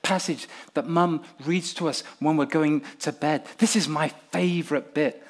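A man voicing an excited child talking about a favorite bedtime reading. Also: fairly high pitch, a little slow, voice pushed down. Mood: eager.

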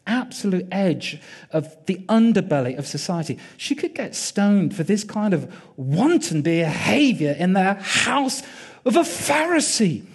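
A man preaching, retelling a story vividly and dramatically with pauses and repetition. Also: high-pitched, a little mellow. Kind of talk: sermon storytelling.

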